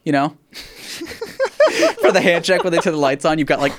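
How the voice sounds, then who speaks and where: A man's voice: a little high, a little fast, very noisy. A man hosting a podcast in casual chat, ranting with laughter and swearing. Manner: animated, profane, laughing rants. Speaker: podcast host.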